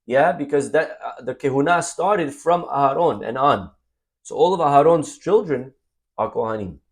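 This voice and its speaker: A man's voice: mid-range voice, normal speed, creaky. A rabbi teaching a Torah class, reading Hebrew verses aloud, translating them and calling his listeners "my friends". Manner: animated, addresses listeners as "my friends".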